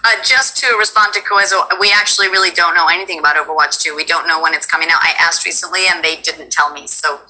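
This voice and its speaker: A woman's voice: fairly low pitch, fairly even intonation, fast talker, few pauses, sharp tone, low-quality recording. A woman hosting a live stream, chatting casually and giggling as she thanks subscribers. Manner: chatty, giggly, loose with fillers. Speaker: streamer host.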